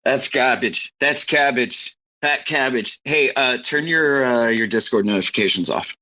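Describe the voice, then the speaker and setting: A man chatting on a live audio space in a dry, joking, deadpan way. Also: medium pitch, measured pace, low-quality recording. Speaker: guest.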